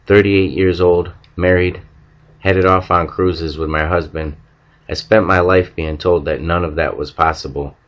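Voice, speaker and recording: A man reads a novel aloud at an even, measured pace. His voice is very low. The recording sounds dull and lo-fi, as if the treble has been cut. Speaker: audiobook reader.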